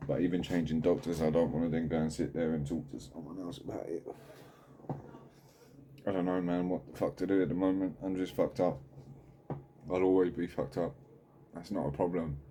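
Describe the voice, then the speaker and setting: Low-voiced man, swearing. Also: steady tone, warm tone, slight background noise. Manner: halting, heavy swearing, raw and candid. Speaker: channel host. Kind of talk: candid mental health video diary.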